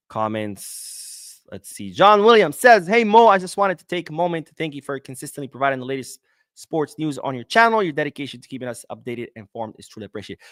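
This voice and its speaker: A man hosting a casual solo podcast, reading viewer comments and answering them in an animated, outspoken way, sometimes swearing. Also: mid-range voice, no echo, clean studio sound. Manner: animated, talks back to viewers, swears when worked up. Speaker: podcast host. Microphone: webcam setup, talking to camera.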